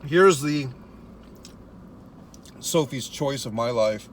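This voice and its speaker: A man's voice: medium pitch, takes it slowly, slight background noise. A man ranting casually to his viewers while he eats, swearing often and talking in wry, rambling asides. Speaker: vlogger. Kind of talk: casual eating vlog rant. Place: in a car.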